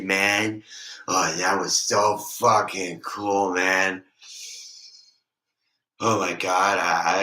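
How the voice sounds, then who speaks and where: A man's voice: sits low, sharp tone, echoey room, recorded from a distance, voice pushed up, heavily acted. A man voicing a rowdy drunk version of himself, slurring, swearing, and calling everyone man and bro.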